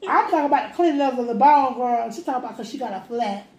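A woman's voice: high-pitched, lively intonation, fast talker. A woman hosting a casual home mukbang, talking in an earnest, heartfelt, rambling way. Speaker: host. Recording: echoey room with light noise.

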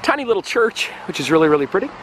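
A man in his forties from the United States, chatting casually and excitably as he walks and vlogs outdoors, out of breath on a climb. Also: high-pitched, rapid-fire. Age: 40s. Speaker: travel vlogger. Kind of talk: casual walking vlog. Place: outdoors in a windy town and hillside. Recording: wind noise on outdoor mic.

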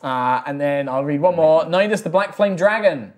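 A woman's voice: low-pitched, expressive, moderate pace. A woman, the game master of a group stream, reading out viewer messages in casual, dry fashion.

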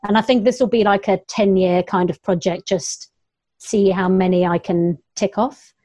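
A woman's voice: medium pitch, fairly even intonation, moderate pace, warm tone, no room sound. A young adult woman, a long-distance runner, chatting casually in an interview, laughing often and quoting herself. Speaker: ultrarunner guest.

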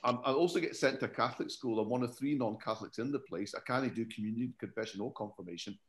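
A man from Scotland, born in London, with a Scottish accent touched by English, chatting as a comedian guest and telling animated stories with frequent laughs. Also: medium pitch, fast. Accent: Scottish with an English tinge. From born in London, raised in Scotland. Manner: animated storyteller, laughs often. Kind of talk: casual podcast chat.

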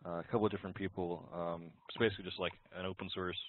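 A man answering a question as a guest on a webinar call, quick and halting with restarts. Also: low-pitched, level tone, no echo. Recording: distant, tinny phone-line audio.

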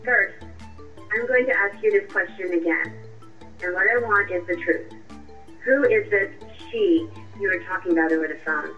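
A woman voicing a sharp, confrontational young girlfriend in a radio drama, with a cutting, accusing way of talking. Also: lowish voice, normal speed, long pauses, lightly acted. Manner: cutting, accusing, coolly triumphant. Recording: muffled distant voice with music.

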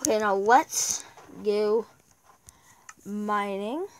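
A woman's voice: medium pitch, extremely slow, a little hiss or hum. A woman giving casual gameplay commentary, chatting to herself as she plays. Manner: chatty, talks to herself while playing. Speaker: gameplay video maker.

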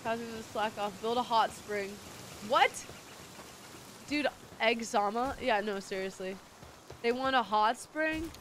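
A woman streamer chatting casually and profanely while gaming, with a sore throat, excitable and squealing over cute things. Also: fairly high pitch, measured pace, long pauses, a little hiss or hum.

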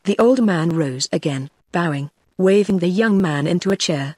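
A woman's synthetic voice with a British accent, narrating an audiobook in an even, mechanical delivery. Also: fairly low pitch, normal speed, hardly any pauses, breathy edge, dry recording.

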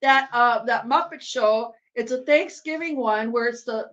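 Woman host, high and unhurried, rambling giggly chat on a dull lo-fi stream. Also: fairly bright tone. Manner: rambling, laughs often, swears freely. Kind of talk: casual chat while watching a game. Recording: dull lo-fi sound.

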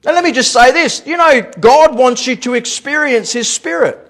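A male pastor delivers a sermon in a church with a noticeably high voice. He talks in an animated way, repeats words as he gathers his thoughts, and chuckles through his own anecdotes. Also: moderate pace. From Australia.

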